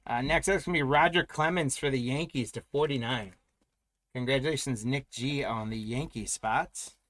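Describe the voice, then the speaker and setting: A man's voice: medium pitch, normal speed, fairly bright tone. A man hosting a live trading card break, announcing pulls and congratulating buyers in an upbeat, chatty way.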